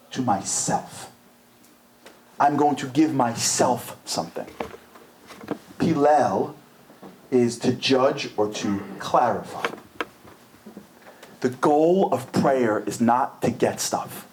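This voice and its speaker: Animated male lecturer, lively pitch. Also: a little hiss or hum. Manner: animated, acts out voices with big pitch jumps. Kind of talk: inspirational lecture. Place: community center lecture hall.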